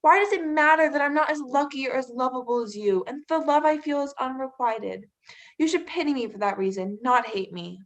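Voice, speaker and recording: A woman's voice: high voice, brisk. A teenage girl acting as a hurt, jealous young woman in a school stage play, pleading and bitterly sarcastic. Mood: accusing. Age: teens. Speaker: student actor.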